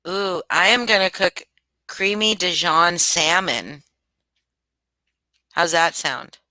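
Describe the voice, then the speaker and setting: Casting note: middle-aged woman, livestream host, bright forceful voice, smooth and crisp, casual chat with frequent restarts. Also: fairly low pitch, slow, dry recording, rough recording. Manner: chatty, reads and answers chat, many restarts.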